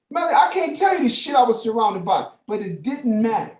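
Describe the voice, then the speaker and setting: Profane, animated older man teaching scripture. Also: very high-pitched, normal speed, few pauses, roomy sound. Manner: animated, profane, street-talking preacher. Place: classroom.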